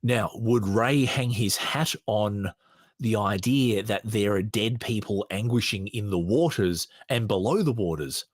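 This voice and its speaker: A low-voiced man hosts a podcast, talking casually and sarcastically with frequent chuckles and restarts as he reads partly from a script. His voice is husky, and the recording is dry and close. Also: a little slow, dry recording. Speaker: podcast host.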